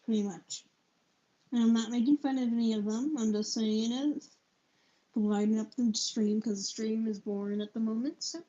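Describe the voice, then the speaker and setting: A woman's voice: fairly high pitch, fairly even intonation, mellow. A young woman reading a book aloud on a live stream, stumbling over and spelling out hard words. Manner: halting reading with stumbles and self-corrections. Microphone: low-quality setup. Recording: dull lo-fi stream audio.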